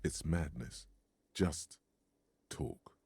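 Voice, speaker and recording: An actor voicing a wry, grandiose narrator for a video game. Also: male voice, very deep voice, extremely slow, creaky, a little mellow, slight background noise, full character voice.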